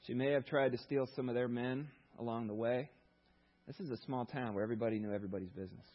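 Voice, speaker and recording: Brief: male pastor, husky voice, storytelling sermon, slightly dull recording. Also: mid-range voice, quick pace. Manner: storytelling, animated retelling with rhetorical questions.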